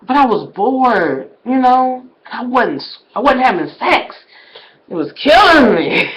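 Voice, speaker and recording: A woman talks straight to her viewers in a loose, casual vlog. Her delivery swings widely, sinking to near-whispered asides and then leaping up into loud, shouted exclamations. She keeps calling out to her audience as "y'all". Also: on the high side, very animated, takes it slowly, poor audio. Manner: conversational, addresses viewers as "y'all". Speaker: vlogger.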